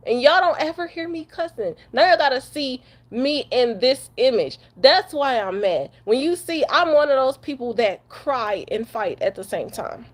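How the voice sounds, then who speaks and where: A young woman from Detroit, a truck driver, venting bluntly to camera after crying, cussing and repeating herself. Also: high-pitched. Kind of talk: emotional rant to camera.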